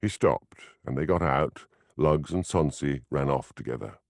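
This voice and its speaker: Very deep, gravelly male narrator. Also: unhurried, no room sound, clean studio sound. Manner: expressive storytelling. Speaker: audiobook narrator. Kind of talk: scripted narration.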